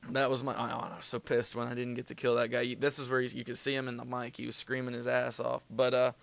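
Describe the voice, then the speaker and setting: A young man talks loosely over his gameplay footage, full of fillers and casual swearing. His voice is gravelly yet smooth and clear. The sound is dry and close to the mic. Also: mid-range voice, completely flat delivery, quick pace, a bit bright, no room sound. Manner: rambling, filler-heavy, profane. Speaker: gaming video commentator.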